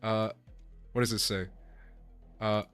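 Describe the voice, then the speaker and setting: A man's voice: fairly low pitch, flat delivery, takes it slowly, fairly bright tone, clear, resonant tone, faint music behind. A man live-streaming a game, chatting with his viewers in a casual, profane way, laughing often and apologizing to chat.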